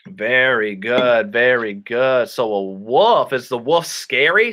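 A man's voice: medium pitch, a little slow, few pauses, bright, forceful tone. A man from Michigan teaching an online English class to children, playful and exaggerated, with silly sound effects. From Michigan, USA. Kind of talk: animated kids' online class.

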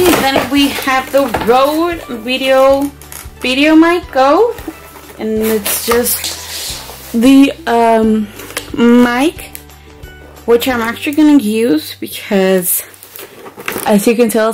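A young woman vlogger talks slowly through an excited unboxing, her voice a little high. She keeps gushing over each item in breathless exclamations. Music plays clearly underneath. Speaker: beauty vlogger.

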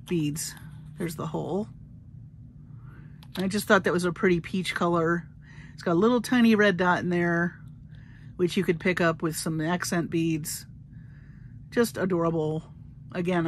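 A woman's voice: fairly low pitch, slight background noise. A woman showing her bead haul in a casual, gushing, chatty way. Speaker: crafting vlogger. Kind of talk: casual show-and-tell haul.

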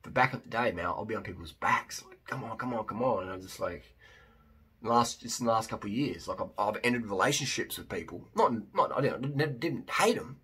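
A man's voice: lowish voice, expressive, a little fast, fairly bright tone, breathy edge. A man talking casually to camera as a fitness vlogger and coach, emphatic and blunt, with many restarts.

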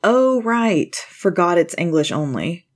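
A woman's voice: fairly low pitch, a little slow. A woman voicing an easygoing teen surfer boy. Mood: friendly. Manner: relaxed, chatty. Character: friendly teenage male surfer, easygoing.

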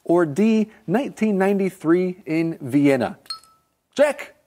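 A man co-hosting a scripted English lesson, reading quiz questions clearly in a playful manner. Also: high-pitched, lively intonation, takes it slowly, mellow. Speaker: co-host of an English lesson show.

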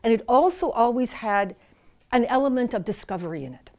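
Canadian woman in her sixties, playwright on stage, wry storytelling, self-mocking asides, fairly high voice. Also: animated, a little fast, a little mellow. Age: 60s. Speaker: playwright and actor giving a talk. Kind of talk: live talk to an audience, storytelling. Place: theatre festival venue with an audience.

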